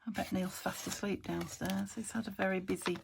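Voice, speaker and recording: Gravelly-voiced British woman chatting while crafting. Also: mid-range voice, steady tone, brisk. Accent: British English. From United Kingdom. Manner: rambling, talks to herself while working, drops into soft murmurs. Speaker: crafting channel host. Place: upstairs room at home. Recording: home recording with noticeable background noise.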